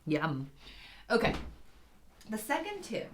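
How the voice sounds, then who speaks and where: A piano teacher with a lowish, expressive, fairly bright voice speaks at normal speed, with slight background noise. She gives a casual online keyboard lesson in an echoey room with a piano, calling viewers "guys" and scatting rhythms aloud.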